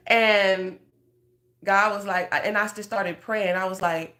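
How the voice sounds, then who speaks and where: Her mid-range voice is a bit bright, and she talks a little slowly, pausing often. As a faith coach in prophetic guidance, she tells a heartfelt personal testimony earnestly and conversationally, talking directly to listeners.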